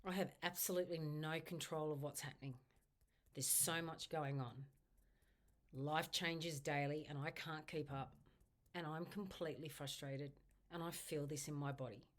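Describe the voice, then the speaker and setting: This is a low-voiced Australian woman instructing a self-help tapping session. She speaks the guided script aloud as slow first-person affirmations, repeating the same steady phrases.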